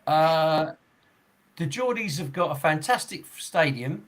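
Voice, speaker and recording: A man's voice: a little high, lively intonation, measured pace, fairly bright tone. A man in his sixties, a football referee hosting a podcast, chatting casually in a rambling way, chuckling often and restarting his sentences. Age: 60s.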